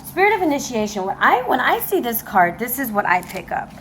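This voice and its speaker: A woman giving a casual tarot reading to camera, excitable and emotional, talking straight to her viewers. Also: fairly high pitch, a little fast, slight background noise, low-quality recording. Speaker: tarot reader. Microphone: camera mic.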